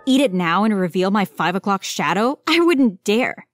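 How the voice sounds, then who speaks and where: A woman reading a first-person story aloud as a storyteller, in an expressive, dramatic way. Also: medium pitch, moderate pace, faint music behind. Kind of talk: scripted first-person narration.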